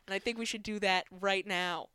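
A man with a bright, smooth voice trades jokes on a comedy podcast. He talks in a halting, self-deprecating way, full of fillers, recorded dry and close. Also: high voice, fairly even intonation, dry recording. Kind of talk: casual comedy banter.

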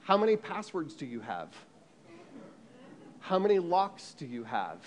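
A man from the United States preaching an animated sermon, telling a story with frequent restarts and repeated words. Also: fairly high pitch, unhurried, slight background noise.

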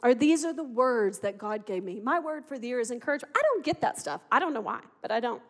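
A woman's voice: on the high side, expressive, fast. A middle-aged woman giving an earnest, impassioned sermon testimony. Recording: echoey hall.

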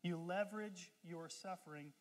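An animated preacher delivering a sermon with call-and-response, talking at a medium pitch. The voice soars high and loud in playful asides, then settles back. Long reverb of a large church hall trails every phrase. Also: normal speed. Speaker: pastor.

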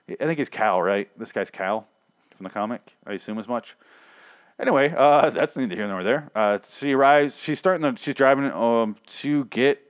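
A man's voice: medium pitch, no echo, clean studio sound. A man giving a casual, rambling recap of a TV episode, sarcastic and profane, often stammering as he restarts sentences. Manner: rambling and sarcastic, heavy swearing; stammers, repeating words as he restarts.

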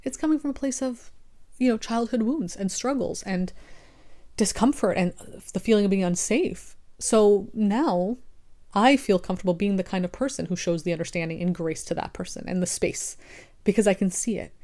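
Youngish woman rambling through her thoughts, kinda low voice, lots of restarts and "you know"s. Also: a little mellow. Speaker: online content creator. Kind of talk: casual reflective monologue.

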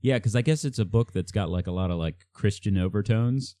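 A man's voice: fairly low pitch, a little fast, dark tone, no echo, studio quality. A man co-hosting a casual podcast, reading out quiz items with many hesitations. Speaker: podcast co-host running a quiz. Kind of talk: casual chat.

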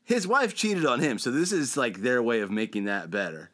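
A young man talking casually on a podcast in a bright, forceful voice that jumps all over in pitch. He gets animated and swears freely, playing out lines from movies as he goes. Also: moderate pace. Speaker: podcast co-host. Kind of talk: casual chat.

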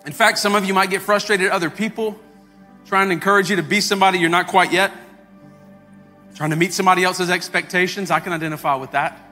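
Male pastor, high and animated, preaching from the stage in a reverberant sanctuary with faint music under him. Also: fast talker. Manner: animated, acts out quoted voices, repeats words. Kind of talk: sermon. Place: church sanctuary.

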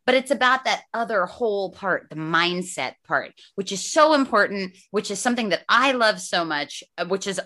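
A woman's voice: medium pitch, expressive, moderate pace, hardly any pauses, bright, forceful tone. A woman hosting a podcast interview, blunt and enthusiastic, swearing freely as she chats. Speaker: podcast host. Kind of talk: casual interview chat.

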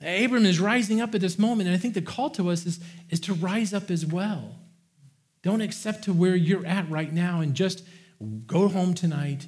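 A man's voice: high-pitched, moderate pace, darkish tone. A man preaching a sermon, impassioned and repetitive, often restarting his words as he builds a point. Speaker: pastor.

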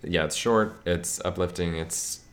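A man's voice: sits low, a little slow. A man reading nominee lists and giving his picks in a casual chat, joking about how names are pronounced. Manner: reads nominee lists, jokes about name pronunciation. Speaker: podcast co-host. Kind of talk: casual film awards chat.

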